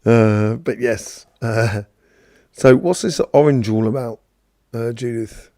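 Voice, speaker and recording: Man, gravelly voice, mellow tone, chatty and rambling, live stream host. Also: mid-range voice, slow pace, no echo, clean studio sound. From London, England. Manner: rambling, chatty, greets viewers by name, many fillers. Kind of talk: casual spiritual talk answering viewers.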